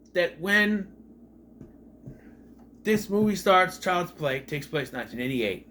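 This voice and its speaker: A man's voice: medium pitch, fairly bright tone, a little hiss or hum. Rambling exasperated man reviewing an episode. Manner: rambling, exasperated, swears, restarts often. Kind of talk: casual spoken review.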